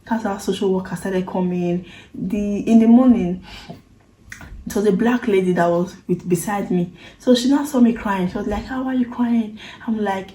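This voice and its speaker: A woman's voice: medium pitch, moderate pace, dark tone, reverberant, poor audio. Earnest Nigerian woman telling her story. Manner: emotional, earnest retelling with Pidgin phrases. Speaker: vlogger. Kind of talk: personal storytelling to camera.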